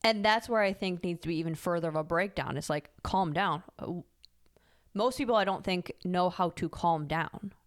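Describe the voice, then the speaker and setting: Frank, lower-voiced woman on a podcast. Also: moderate pace. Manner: frank, candid, lightly self-mocking. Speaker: podcast co-host. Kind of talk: casual chat.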